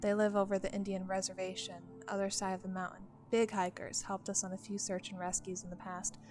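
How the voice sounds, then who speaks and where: A woman's voice: medium pitch, flat delivery, a little fast, music in the background, natural voice. A woman reading the lines of a middle-aged male park ranger with a thick Southern US drawl, folksy and confiding.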